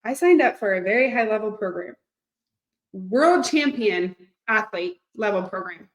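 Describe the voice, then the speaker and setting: A woman in her thirties, a fitness coach, talking to her live audience in a gushing, excitable, chatty way. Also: medium pitch, measured pace. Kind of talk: live-streamed coaching talk. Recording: echoey room.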